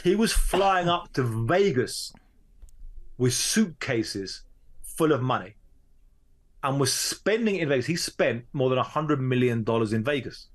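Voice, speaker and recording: A man, a journalist guest, telling a story in a conversational interview, his pace swinging between quick bursts and slow, drawn-out stretches. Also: mid-range voice, animated.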